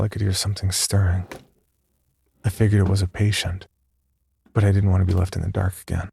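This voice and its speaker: A man narrating a first-person horror story in a slow, measured, scripted delivery. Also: warm tone, slight background noise. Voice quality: deep gravelly voice.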